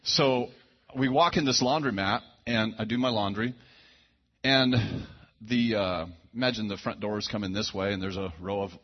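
A man preaches in a loose, folksy storytelling style, doubling back and tossing in asides. His voice sits low with a husky grain. The recording is a little dull and lo-fi. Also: normal speed. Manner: folksy, conversational, frequent restarts and asides. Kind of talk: storytelling sermon. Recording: dull lo-fi sound.

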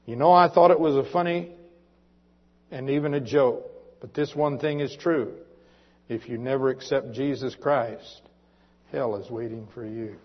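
A man's voice: medium pitch, a little slow, long pauses. A male preacher giving a sermon in a church, earnestly reading a dramatic poem to his congregation. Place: church sanctuary. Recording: muffled recording with long reverb.

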